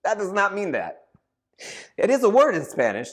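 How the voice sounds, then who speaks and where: A man in his thirties telling a comic personal story on his own channel, animated and acting out voices and shouts. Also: high-pitched, moderate pace. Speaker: storyteller vlogger. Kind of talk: casual comedic storytelling.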